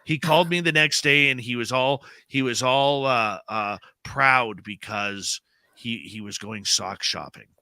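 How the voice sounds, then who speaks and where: A man's voice: medium pitch, measured pace, gravelly, no echo. A middle-aged man, a radio host, telling a personal story in casual chat and acting out the quotes. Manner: animated storyteller, acts out quotes.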